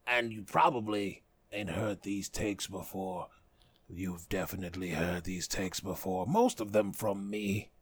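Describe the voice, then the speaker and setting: A man's voice: low voice, animated, unhurried, breathy edge. A man hosting a comedic podcast in a joking, profane tone, boasting in a mock-villain persona. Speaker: podcast host.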